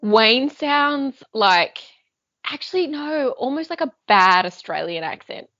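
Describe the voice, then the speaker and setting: A woman co-hosting a podcast, chatting in a relaxed, thoughtful way. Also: high-pitched, slow, no echo. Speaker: podcast co-host. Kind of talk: casual chat. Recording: dry, slightly dull sound.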